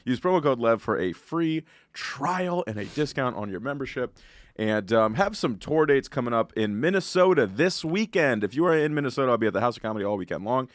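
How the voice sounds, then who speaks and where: A man's voice: mid-range voice, very animated, no echo. A man hosting a comedy podcast in a studio, teasing his guests and running through plugs in casual chat. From United States. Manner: teasing, joking, plugs tour dates quickly. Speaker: podcast host. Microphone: podcast studio mic.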